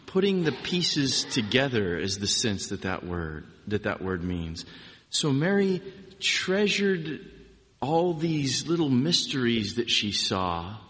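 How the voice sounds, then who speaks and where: A man's voice: medium pitch, very animated, takes it slowly, a bit bright. Man preaching in a reverberant hall. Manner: informal, storytelling, frequent restarts. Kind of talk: conversational sermon with personal stories.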